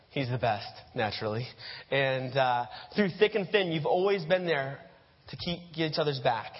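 A man giving a sermon, telling stories in the second person and acting out scenes. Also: a little high. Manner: addresses listeners as "you", acts out scenes. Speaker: preacher. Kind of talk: sermon storytelling. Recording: dull echoey hall.

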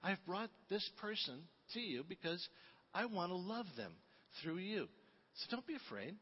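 A man speaking as a calm, kindly Jesus. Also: sits high, moderate pace. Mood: gentle. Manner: gentle, conversational, reassuring. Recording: reverberant, dull lo-fi.

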